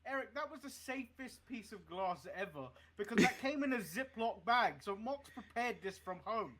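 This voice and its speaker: A man's voice: very high-pitched, lively intonation, moderate pace, a bit bright. A man hosting a casual wrestling podcast, teasing and laughing. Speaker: podcast host.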